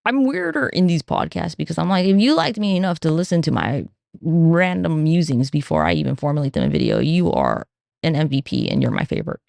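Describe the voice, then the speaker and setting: A woman's voice: low voice, brisk, vocal fry, no room sound. A young woman hosting her own podcast, rambling and swearing freely in a casual solo rant. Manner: swears a lot, rambling, animated. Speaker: podcast host.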